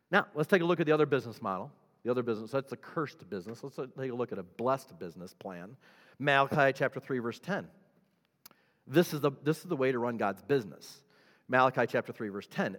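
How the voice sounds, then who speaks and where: A man preaching a sermon as a pastor, emphatic, swinging between loud declarations and hushed storytelling. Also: mid-range voice, animated, fairly quick. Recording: long hall reverb.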